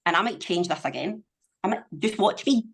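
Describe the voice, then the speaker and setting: A woman's voice: mid-range voice, expressive, fairly quick. Emphatic, swearing woman. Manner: emphatic, motivational, swears freely. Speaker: podcast guest, business owner. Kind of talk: casual conversation.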